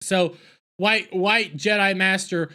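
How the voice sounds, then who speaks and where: A man's voice: high-pitched, steady tone, slow pace, sharp tone, clear, resonant tone. A man reviewing a series on his channel, rambling through a casual episode recap with stammers, repeated words and wry asides. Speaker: video reviewer.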